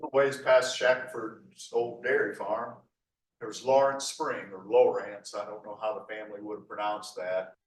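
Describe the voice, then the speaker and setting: With a voice on the low side, a level tone and a moderate pace, a middle-aged man gives a folksy local history talk over slides, rambling through asides and "uh" restarts. It's recorded from far away in an echoey lecture hall, with a little hiss or hum.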